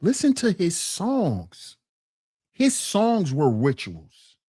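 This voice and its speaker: A woman streamer giving a ranting commentary, animated and mocking, repeating her points and laughing through them. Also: fairly low pitch, very slow, slightly rough, dry recording, clean studio sound.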